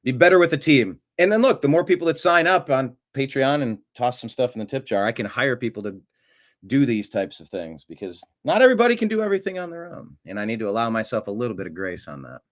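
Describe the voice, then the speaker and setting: A man's voice: medium pitch, sing-song, quick pace. A man hosting a live stream, chatting casually and reading viewer comments with rambling, jokey asides. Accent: American. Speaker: show host.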